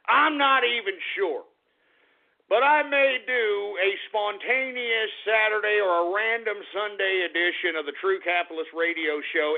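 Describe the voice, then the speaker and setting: A man hosting an internet radio show, ranting abrasively and boastfully, cursing and insulting his listeners, sliding from low grumbling to shouting. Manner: boastful, profane, repeats pet phrases. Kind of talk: ranting call-in radio monologue. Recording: narrow phone-like audio.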